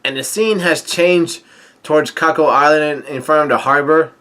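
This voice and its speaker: A man's voice: fairly high pitch, moderate pace, fairly bright tone. A man casually reading through a manga chapter, hesitant and full of fillers and restarts. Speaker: manga reader and commentator.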